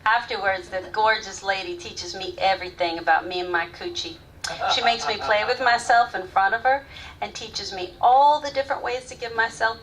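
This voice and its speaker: An actress performing a live stage monologue as a grown woman candidly recalling her first love, sometimes soft, sometimes loud. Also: mid-range voice, close to an everyday voice. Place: theater stage, live audience. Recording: distant stage mic, faint room noise.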